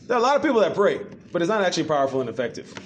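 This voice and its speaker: A man preaching a sermon to a church congregation, animated and full of rhetorical questions. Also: on the high side, very fast, a little hiss or hum. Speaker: pastor.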